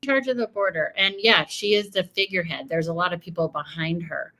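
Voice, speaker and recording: Speaking from home, a woman from the United States reacts to politics with emotional emphasis and keeps circling back to the same points. Her lowish voice moves briskly and sounds bright and forceful.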